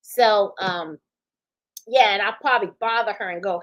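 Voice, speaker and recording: A woman's voice: mid-range voice, moderate pace, low-quality recording. A middle-aged woman hosting a sewing channel, chatting casually and acting out voices as she tells a story with laughs. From Puerto Rico. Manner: animated, laughing, acts out voices in quotes.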